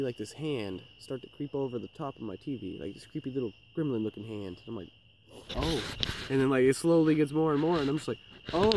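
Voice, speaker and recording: Male co-host, rapid rambling delivery, mellow tone, faint noise and crickets behind. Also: medium pitch, low-quality recording. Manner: fast, rambling, filler-heavy and swearing. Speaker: podcast co-host. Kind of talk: casual storytelling chat.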